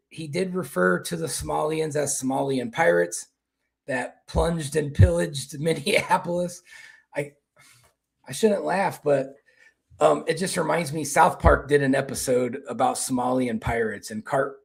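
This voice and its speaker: Gravelly-voiced man rambling about politics. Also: a little high, fairly even intonation, measured pace. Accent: Kentucky. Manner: rambling, repeats and restarts words. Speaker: political commentary host. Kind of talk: casual political commentary.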